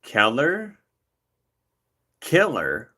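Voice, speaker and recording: A man's voice: medium pitch, wildly swooping pitch, very slow, pushed and bright, slightly rough. A man hosting a livestream, chatting casually with rambling jokes. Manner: rambling, joking, playful. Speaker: livestream host.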